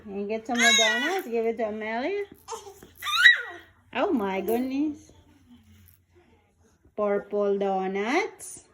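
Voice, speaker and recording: High, slow sing-song baby-talking woman. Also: lively intonation, background noise. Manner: coaxing and sing-song, laughing often. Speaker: caregiver. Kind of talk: baby talk while playing. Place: home, on the floor with toddlers.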